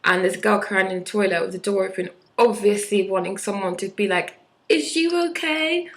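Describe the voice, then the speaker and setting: A woman's voice: medium pitch, flat delivery, a little fast, a bit bright, low-quality recording. Blunt sarcastic young woman. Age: 20s. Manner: blunt, sarcastic, mocking impressions. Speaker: vlogger. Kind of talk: casual vlog chat.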